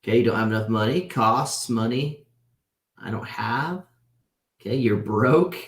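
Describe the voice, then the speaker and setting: A man's voice: mid-range voice, measured pace. A man in his thirties teaching a casual online class over a video call, talking conversationally and tagging his points with "right?". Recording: roomy echo.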